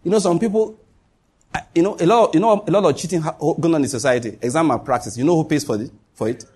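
A man preaches as pastor in a fairly high, husky voice. He hammers his points home, repeating them, with his pitch leaping up and dropping low. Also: fast talker, darkish tone. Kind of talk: sermon.

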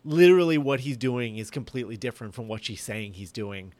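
A man's voice: mid-range voice, animated, brisk, darkish tone, no echo. A man in casual reaction chat, emphatic and exasperated as he picks apart a video. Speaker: commentator.

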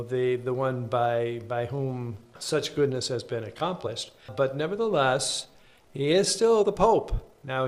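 A man who is a bishop, answering interview questions with anecdotes and frequent restarts. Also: mid-range voice.

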